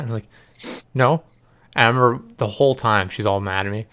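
A man's voice: mid-range voice, fairly quick, smooth. A man in casual chat, telling stories animatedly and acting out the people in them. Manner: animated storyteller who acts out voices in anecdotes.

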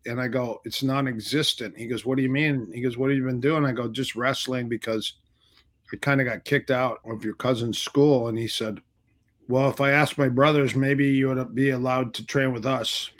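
A man's voice: medium pitch, moderate pace. A middle-aged man, a martial arts instructor, casually telling stories in an interview and acting out the dialogue. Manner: animated storyteller acting out quoted dialogue.

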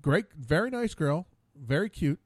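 A man's voice: fairly high pitch, very animated, measured pace, no echo. A man hosting his own radio show, rambling casually alone at a studio mic, stammering and repeating words in exasperation.

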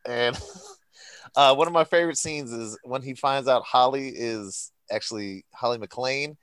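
A man's voice: mid-range voice, unhurried, fairly bright tone, clean tone, no echo. A man chatting casually about his favorite movie characters, laid-back and swearing, laughing at his own jokes. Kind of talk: casual chat, movie review.

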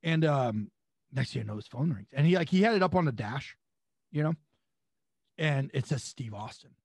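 A young adult man, a pro wrestler guest, telling a long anecdote with lively acted-out quotes. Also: medium pitch, moderate pace, no room sound. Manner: animated, acts out quotes with voices and laughs. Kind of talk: storytelling anecdote.

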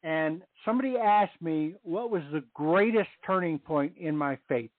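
A man's voice: fairly high pitch, normal speed, no room sound. Middle-aged man, earnest faith testimony, repeats himself for emphasis, heard over a phone line. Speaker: guest on a Catholic radio show.

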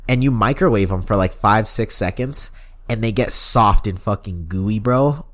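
A man's voice: fairly low pitch, normal speed, a bit bright. A young man co-hosting a podcast in casual chat, swearing often and saying "like" and "bro" a lot. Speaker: podcast co-host.

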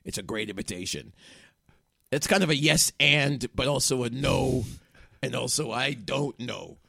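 A man voicing a scheming, bumbling male manager who rambles and bursts into shouting. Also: medium pitch, a little slow, vocal fry, slightly rough, dry recording, clean studio sound, exaggerated voice.

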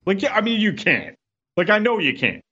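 A man's voice: sits high, very animated, moderate pace, pushed and bright, slightly rough, dull audio. A man on a talk radio show, a guest ranting in an exasperated way and repeating himself.

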